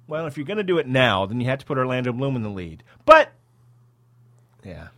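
A man co-hosting a podcast, riffing on movies with dry sarcasm and jokes. His pitch is average but rises and falls a lot as he talks. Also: sing-song, a little fast, fairly bright tone, no room sound. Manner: sarcastic, jokey. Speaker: podcast co-host. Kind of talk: casual movie chat.

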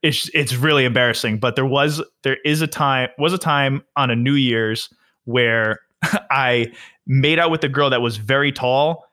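A man's voice: mid-range voice, moderate pace. A young man co-hosting a podcast, telling stories in casual, profanity-laced chat. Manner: profane, animated storyteller. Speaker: podcast co-host.

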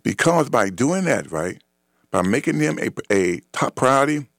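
A man's voice: mid-range voice, big pitch swings, moderate pace, creaky, a bit bright, dry recording, clean studio sound. A man hosting a radio talk show, delivering an emphatic, repetitive opinion monologue.

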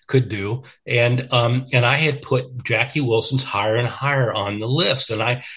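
An older man who works as a radio programmer tells stories in casual conversation, his mid-range voice moderately paced and a bit bright. He rambles, uses plenty of fillers and restarts, and laughs as he goes.

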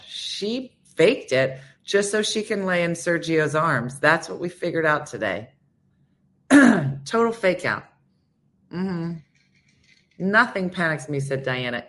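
Woman, radio host, casual storytelling, lively swings in pitch, bright tone. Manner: animated, acts out quotes in voices; addresses listeners by name.

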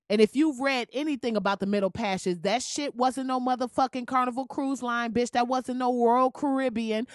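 A woman's voice: on the high side, no echo, clean studio sound. Heated profane woman ranting. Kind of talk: profane rant.

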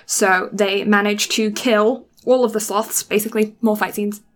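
A woman's voice: mid-range voice, fairly even intonation, moderate pace. A woman in casual chat, retelling an episode at length with many ums and restarts.

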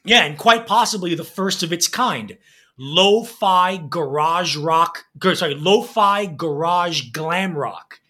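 A man's voice: a little high, lively intonation, slow pace, sharp tone. A man co-hosting a music podcast, reading album reviews in a casual, enthusiastic way with frequent laughs.

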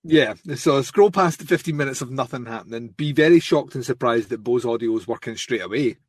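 Scottish man telling an animated story. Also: mid-range voice, fairly quick, no echo, studio quality. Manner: animated storyteller, swears freely, mimics others. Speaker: podcast co-host. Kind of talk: casual chat.

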